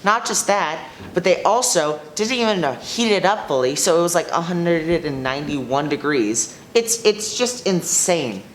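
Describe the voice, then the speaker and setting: A woman's voice: lowish voice, animated, measured pace, few pauses, slight background noise. A young woman playing Karen, an entitled new group member, ranting indignantly in a student sketch comedy.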